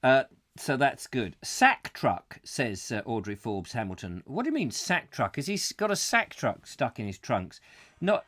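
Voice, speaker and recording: A man's voice: medium pitch, big pitch swings, moderate pace, fairly bright tone. A man hosting a comic live call-in show, rambling and joking as he reads out viewer comments. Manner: rambling, jokey, reads viewer comments aloud in funny voices. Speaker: host.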